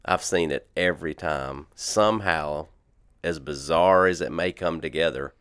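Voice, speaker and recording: A man who works on a church staff, talking in a calm, measured and reflective way in a casual conversation. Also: a bass voice, smooth.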